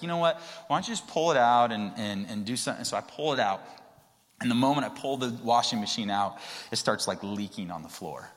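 A young adult man, a pastor, giving a sermon in a relaxed storytelling way that grows more animated at times. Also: fairly low pitch. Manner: conversational storytelling, rising to excited emphasis. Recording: long reverb of a large hall.

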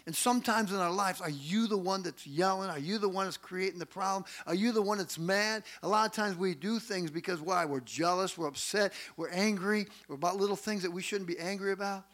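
A male pastor preaching a sermon, telling family stories in an animated way and acting out the people in them. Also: sits high, brisk, few pauses. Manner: animated storytelling, acts out quotes.

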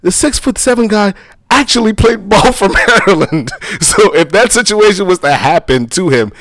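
A man's voice: sits high, lively intonation, normal speed, a bit bright, dry recording, clean studio sound. Laughing man in his thirties telling stories. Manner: laughing, storytelling. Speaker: podcast co-host. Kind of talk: casual podcast chat.

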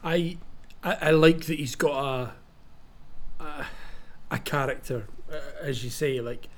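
A man's voice: on the high side, a little slow. A man co-hosting a casual podcast, hesitant and thinking aloud as he talks. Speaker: podcast co-host. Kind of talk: casual chat.

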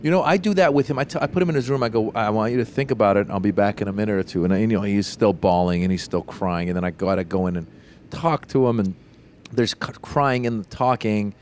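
A man co-hosting a casual comedy podcast, telling animated stories, acting out dialogue and using many "like" fillers. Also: lowish voice, fast, a little hiss or hum. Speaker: podcast co-host.

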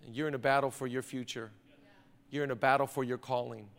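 A male pastor preaches a sermon fast and emphatically, in a conversational style with repeated phrases. His medium-pitched voice is steady, a bit bright, and has vocal fry, with the long reverb of a big church auditorium around it.

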